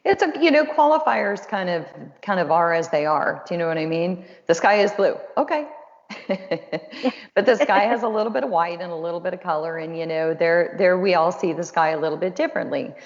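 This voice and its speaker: A woman with a lowish voice talks briskly and animatedly as host and counselor of a casual, conversational webinar, encouraging and chatty with a self-deprecating streak. The audio is dull and lo-fi, with long reverb.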